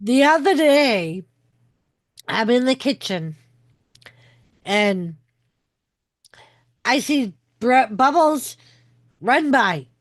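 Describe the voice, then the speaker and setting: Woman, high voice, lively swoops, unhurried, swearing storyteller, dry close sound. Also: no echo. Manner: animated storytelling, heavy swearing. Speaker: co-host. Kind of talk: casual chat.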